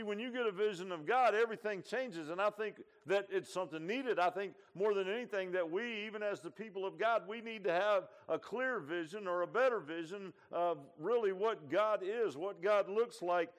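A man preaching a sermon in a folksy, conversational way, his voice climbing to shouts and then dropping to a hush. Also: high-pitched. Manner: folksy, swings from hollering to hushed. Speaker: pastor. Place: church.

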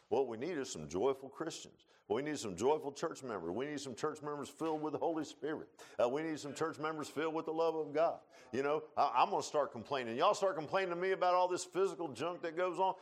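Male pastor, fairly high voice, homespun sermon style with shouted peaks. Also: a little fast. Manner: folksy preaching, rising to shouted emphasis.

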